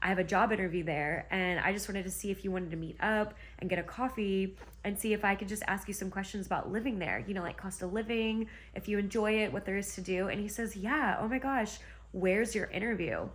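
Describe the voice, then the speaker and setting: A woman's voice: mid-range voice, a little fast, hardly any pauses. Gushing chatty woman book vlogger. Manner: gushing, chatty retelling with frequent laughs. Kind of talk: casual book reading vlog.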